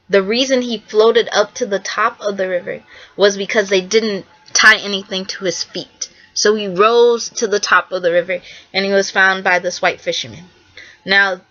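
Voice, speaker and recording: Bright-voiced young woman, earnest and repetitive. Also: mid-range voice, highs cut off. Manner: earnest, repetitive, acts out quotes. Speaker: artist presenting her work. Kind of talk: casual spoken presentation.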